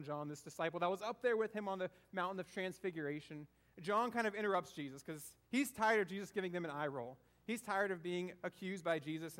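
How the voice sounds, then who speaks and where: Speaking in a high-pitched, fairly bright tone, a male preacher from the American South talks to his congregation in a conversational way. He asks them questions and keeps returning to key phrases.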